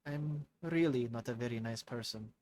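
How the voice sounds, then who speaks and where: A man voicing a reserved, politely formal woman who speaks softly. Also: medium pitch, moderate pace, close to an everyday voice. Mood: gentle.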